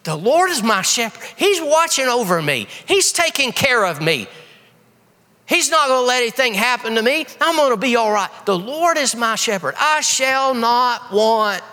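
A man's voice: very high voice, very animated, normal speed, bright, forceful tone. A man preaching a sermon as pastor, reading scripture aloud in an earnest way, in a large church. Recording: echoey hall with faint music.

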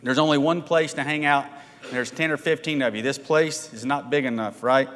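A man's voice: medium pitch, normal speed, a bit bright, in a large hall. A man preaching a midweek sermon to his congregation, conversational, often checking in with "right?" and asking for a show of hands. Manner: conversational, asks the congregation questions, frequent "right?" tags. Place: church sanctuary.

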